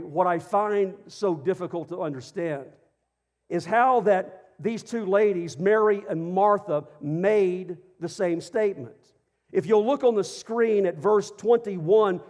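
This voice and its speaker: A middle-aged man, a pastor preaching a sermon, slowing down to stress his words. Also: sits high, darkish tone, long reverb tail. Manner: preaching with shifting emphasis, slows for stress. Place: church stage.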